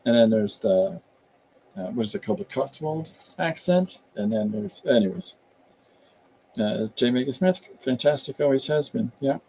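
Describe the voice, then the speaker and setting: A man's voice: mid-range voice, expressive, moderate pace, dark tone, slight background noise. A man casually chatting on a live stream, rambling about accents and reading viewer comments aloud as he goes. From Canada. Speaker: comic artist hosting a live stream.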